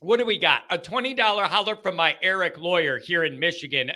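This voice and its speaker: A man hosting a live fan call-in show, animated and emphatic, often repeating phrases for effect. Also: high voice, a little fast, hardly any pauses.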